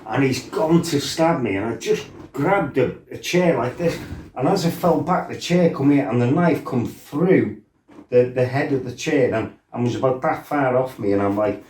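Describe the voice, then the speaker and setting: A middle-aged man tells rough stories from his life in a blunt, sweary, animated way. His voice sits at an ordinary pitch for a man. The room rings noticeably, and he sounds a little way off the mic. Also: moderate pace, slight background noise. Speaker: former fighter telling his life story. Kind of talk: casual storytelling interview. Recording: roomy, mic set some distance off.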